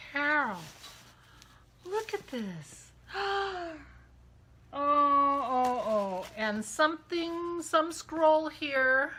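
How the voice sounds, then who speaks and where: A woman hosting a casual vlog, chatty and excitable, gushing as she talks. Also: sits high, a little hiss or hum. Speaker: podcast host. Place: outdoors walking a dog, then indoors.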